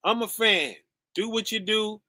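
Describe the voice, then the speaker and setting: High bright-voiced guy preaching on a stream, slow and chatty, keeps saying y'all and right, dry close sound. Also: no echo. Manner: conversational, often ending with "right?" and "okay?"; addresses listeners as "y'all" and "fam".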